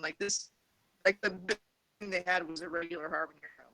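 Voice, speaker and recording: On a group video call, a friend rambles through a story using his computer mic, restarting often and saying "like" a lot. His voice sits high with fairly even intonation, brisk, bright and forceful. The rough recording carries slight background noise, and the audio sometimes glitches robotically.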